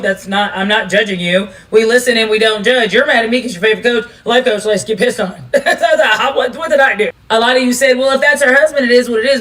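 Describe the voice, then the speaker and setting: A woman telling a story in an animated, blunt and profane way. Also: mid-range voice, far from the mic. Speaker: storytime commentator.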